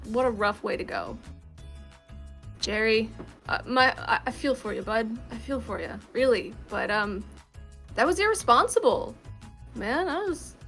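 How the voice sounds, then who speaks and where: Woman, guest player, high voice, mock-earnest, halting, faint music. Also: a bit bright. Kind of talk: in-character tabletop play.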